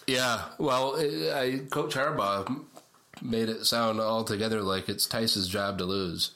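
A man's voice: fairly low pitch, a little slow, bright, forceful tone. A man co-hosting a sports talk show, chatty and analytical in an easygoing way. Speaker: sports podcast co-host.

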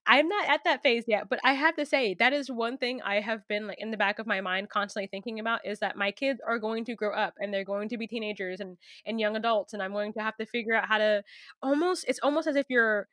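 A young woman hosting a casual podcast interview with her mother, chatty and quick to laugh, speaking straight to her listeners. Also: a little high, a bit bright, no room sound, studio quality. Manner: chatty, laughs easily, talks to listeners directly. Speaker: podcast host.

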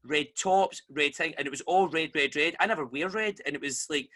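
A Scottish man hosting a casual chat, telling a story with lively energy and acting out the voices of the people he quotes. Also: a little high, brisk.

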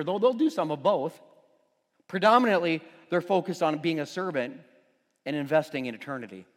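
Pastor guy preaching, high voice that jumps all over, long churchy echo. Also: fairly quick. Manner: animated, conversational preaching with playful asides to the congregation. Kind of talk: sermon. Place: church sanctuary. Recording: long reverb in a big room.

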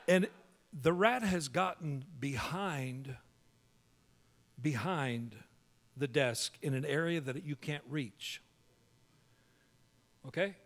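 A male pastor telling a humorous story in a sermon, animated and full of quick restarts. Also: a little high.

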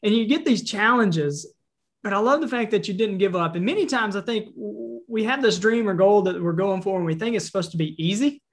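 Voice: medium pitch, expressive, fairly quick. An interview host with a Southern US accent, affirming and encouraging the guest. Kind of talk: conversational interview.

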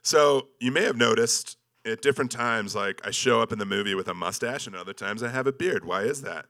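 A man's voice: mid-range voice, fairly quick, pushed and bright. A man giving a casual, joking slideshow talk about an expedition, self-deprecating and full of ums and likes. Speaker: speaker presenting an expedition slideshow.

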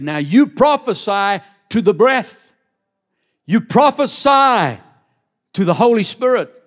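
A man preaching a sermon in church, reading scripture aloud and urging the congregation to answer him. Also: sits high. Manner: preaching with call-and-response, dramatic slow emphasis. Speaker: pastor.

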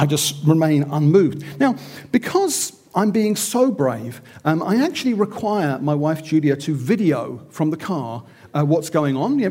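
A man's voice: high voice, darkish tone. A middle-aged man telling a self-mocking story in a theatrical, sermon-like style. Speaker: speaker.

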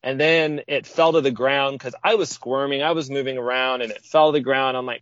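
A man on a podcast telling a personal story in a relaxed, casual way, acting out what people said with sudden jumps in pitch. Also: moderate pace, few pauses, no echo. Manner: lively, acts out quoted speech with sudden pitch jumps. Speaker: podcast guest. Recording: dull, dry lo-fi audio.

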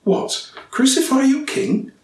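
A man's voice: extremely high pitch, expressive, slow, pitched above the performer's own voice, heavily acted. A man reading the part of a stern male Roman governor, with emphatic, raised questioning in a roomy, distant recording. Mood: insistent. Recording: roomy, distant, faint ambience.

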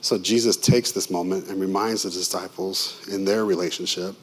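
A man preaching a sermon as a pastor, conversational and lively with vivid asides to the congregation. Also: deep voice, normal speed, breathy edge.

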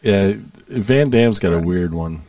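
A man's voice: sits low, expressive, takes it slowly, a little mellow, no room sound, far from the mic. A man on a comedy podcast, teasing and swearing between laughs. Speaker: podcast co-host. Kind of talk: casual comedy chat.

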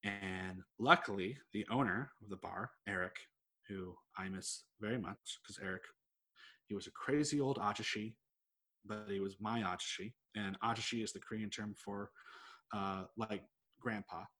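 A man's voice: lowish voice, normal speed, sharp tone. A young man, chatting casually and telling a long story, rambling with lots of "like" and swearing freely. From United States. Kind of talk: casual chat.

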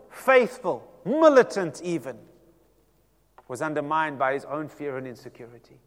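Preaching man, church echo. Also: a little high. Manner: dramatic storytelling, swings between loud and hushed. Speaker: pastor. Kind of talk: sermon.

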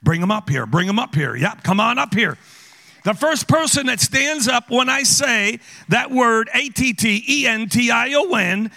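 Animated, high-voiced male guest preacher. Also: creaky, in a large hall. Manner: animated, teasing, calls out to the audience. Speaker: guest speaker. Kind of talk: playful sermon with audience interaction. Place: church auditorium.

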